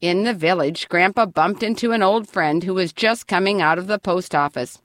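A woman narrating a children's storybook in an expressive, lively reading voice. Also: fairly low pitch, moderate pace, hardly any pauses, dry recording, studio quality.

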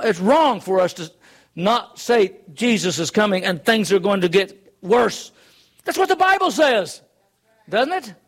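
A man preaching a sermon, earnest and emphatic, driving his points home with rhetorical questions. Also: high voice.

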